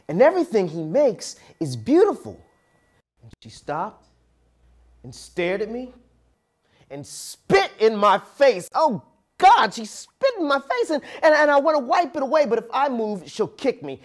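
A man performing a personal spoken-word story, dramatic and rhythmic, dropping to a hush and rising loud, stammering when moved. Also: high voice.

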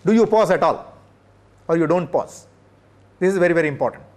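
A man's voice: fairly high pitch, lively intonation, brisk, a little mellow. A male professor, lecturing teachers, repeating points for emphasis and asking the audience rhetorical questions. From India.

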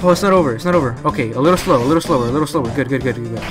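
A man doing live commentary as he plays a video game, excitable and talking to himself. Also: mid-range voice, rapid-fire, music in the background. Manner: excitable, talks to himself while playing. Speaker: let's play gamer.

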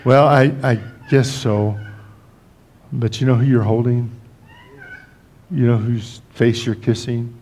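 A man's voice: mid-range voice, steady tone, slow, pauses often, darkish tone, a little hiss or hum. An older man preaching as a pastor, telling stories in a folksy way with joking asides and frequent restarts. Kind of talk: storytelling sermon. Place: church sanctuary.

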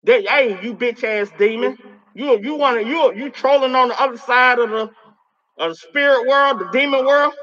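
Profane high-voiced man taunting on a stream. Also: normal speed, bright, forceful tone. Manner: repeats words when worked up. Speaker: livestreamer addressing a spirit. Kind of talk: live stream rant. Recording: dull lo-fi stream audio.

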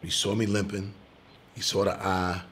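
A male comedian telling a personal story in an interview, animated and casual, swearing now and then and getting loud when excited. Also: sits low, moderate pace, a little hiss or hum.

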